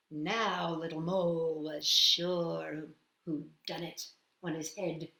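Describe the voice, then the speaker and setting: A woman storyteller reading a children's picture book aloud, expressive and full of sound effects. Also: low voice, takes it slowly, creaky. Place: at home. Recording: echoey room.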